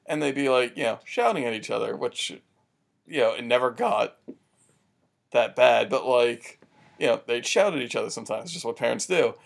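A man with a gravelly voice chats on a podcast, mid-pitched and unhurried. He talks hesitantly, with many fillers and restarts. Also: expressive. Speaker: podcast co-host. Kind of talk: casual chat.

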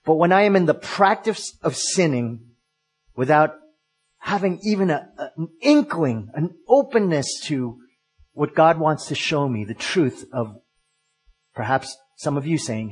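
A man preaching a sermon from the pulpit with earnest emphasis, stopping and restarting his phrases as he presses each point. His voice sits a touch higher than most men's. It has a husky, slightly breathy edge. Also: lively intonation, a little slow. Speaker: pastor.

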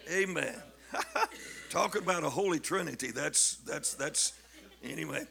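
A man's voice: a little high, moderate pace, creaky, sharp tone. An older man preaching a sermon as a bishop, fervent and emphatic, often repeating his words. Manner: fervent, rising to emphatic declamation, with frequent repetitions.

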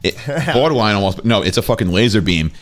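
Young guy as game master, low voice, crude and animated narration. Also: fast talker. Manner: crude, animated storytelling with sudden voice jumps. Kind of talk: narrating a tabletop game among friends.

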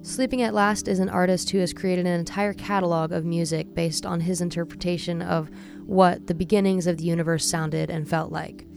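A woman narrating a church podcast in a calm, explanatory way. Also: fairly low pitch, normal speed. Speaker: podcast host. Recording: music clearly behind.

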